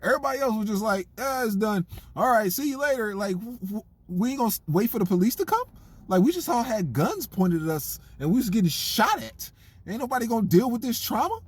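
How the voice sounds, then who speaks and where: A man giving a comedic, incredulous movie review in a joking, animated way. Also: high voice, fast talker, breathy edge.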